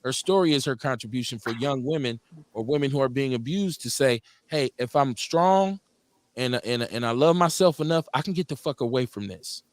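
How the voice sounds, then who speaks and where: A man's voice: mid-range voice, moderate pace, dry recording. A man hosting a live talk radio show, loose and profane, joking between serious points.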